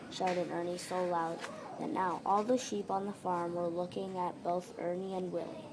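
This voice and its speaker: Gravelly woman reading a story aloud. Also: on the low side, flat delivery, moderate pace, a crowd in the background, rough recording.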